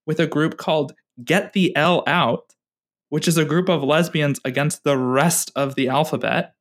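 Exasperated animated podcast co-host woman. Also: deep voice, moderate pace. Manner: animated, exasperated, laughing, stumbling restarts. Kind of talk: casual political chat.

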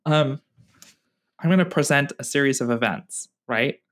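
A woman co-hosting a casual political podcast, animated and exasperated, laughing and restarting her sentences. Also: rumbling low, normal speed. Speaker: podcast co-host.

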